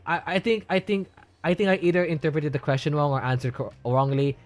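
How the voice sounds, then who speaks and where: A man's voice: on the high side, steady tone, fairly quick, dry recording. A young man chatting casually on a livestream, reading and answering chat in a rambling way and laughing often. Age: young adult.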